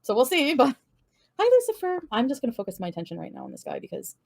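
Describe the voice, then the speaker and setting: A woman's voice: medium pitch, wildly swooping pitch, very fast, gravelly. A woman from Canada gossiping on a livestream, chatty and giggly, cursing casually as she rambles.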